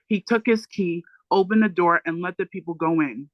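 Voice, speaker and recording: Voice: medium pitch, steady tone, a little fast, few pauses, no room sound, muffled recording. A book club reader reading a memoir aloud, emphatic and given to profane asides.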